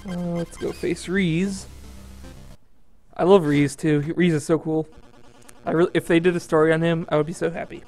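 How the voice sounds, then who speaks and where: A man's voice: on the high side, fairly even intonation, normal speed, a little mellow, faint music behind, poor audio. A man casually commenting on his own gameplay, laughing and self-amused. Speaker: gamer streaming a game.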